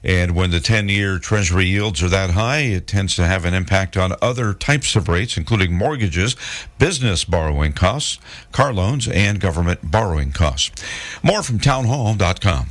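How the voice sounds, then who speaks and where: A male radio news anchor reads the hour's headlines. His voice sits fairly low, and his delivery is measured and authoritative. He passes smoothly from story to story. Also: animated. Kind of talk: news reading.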